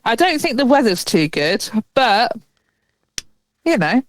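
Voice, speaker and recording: A woman co-hosting a podcast in casual chat, animated and swearing freely. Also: on the high side, slow. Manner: chatty, animated, swears freely and laughs often. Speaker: podcast co-host.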